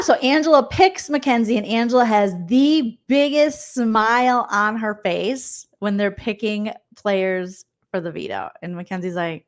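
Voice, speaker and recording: A young woman comedian doing a sarcastic, animated recap vlog, acting out people in mocking voices. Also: on the high side, unhurried, hardly any pauses.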